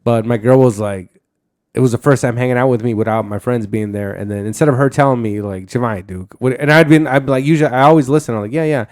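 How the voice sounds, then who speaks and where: A man in his thirties talks fast in a loose, casual podcast chat. He rambles through stories, swears freely and laughs often. His pitch sits in the middle of the range. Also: fairly even intonation, a little mellow. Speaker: podcast host.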